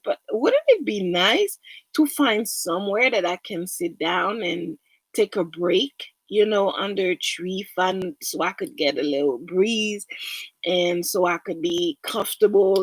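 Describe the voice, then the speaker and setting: A woman's voice: mid-range voice, husky, dry recording. A woman voicing a hungry man wandering the desert who keeps exclaiming his wishes aloud.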